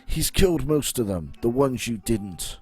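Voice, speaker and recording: A man's voice: mid-range voice, sing-song, measured pace, darkish tone, breathy edge, soft background music. A man voicing a frightened male former guard who has fled, reading the lines in a jittery, pleading way.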